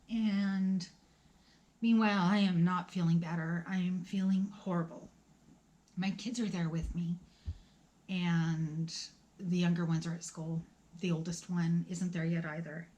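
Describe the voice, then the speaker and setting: A woman's voice: fairly low pitch, little pitch movement, unhurried, long pauses, darkish tone. A woman in her forties telling a personal story to the camera in a conversational, emotional way, acting out the dialogue and dropping to a whisper at times. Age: 40s. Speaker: vlogger.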